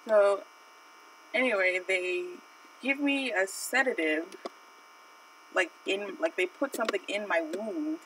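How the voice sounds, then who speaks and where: A woman's voice: mid-range voice, slow pace, pauses often, a bit bright, recorded from a distance, a little hiss or hum, poor audio. A woman streaming while she draws, telling a personal story in a rambling, chatty way with lots of fillers. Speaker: art streamer. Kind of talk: casual live-stream storytelling.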